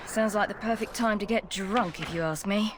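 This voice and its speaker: Brief: woman as a tired, wry camp soldier, mid pitch, clear hiss behind. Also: normal speed, natural voice. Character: weary, jaded female soldier in a game camp. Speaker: game character, a soldier.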